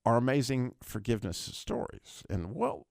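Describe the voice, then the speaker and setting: A man's voice: mid-range voice, wildly swooping pitch, normal speed, gravelly, darkish tone, no echo, studio quality. A man hosting Christian talk radio, earnestly retelling a film scene and stumbling over repeated words. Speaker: radio talk show host.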